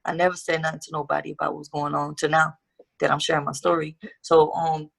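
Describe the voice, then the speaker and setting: A woman's voice: low-pitched, level tone, brisk, creaky. A young woman guest telling her life story in a casual interview, candid and profane with street slang.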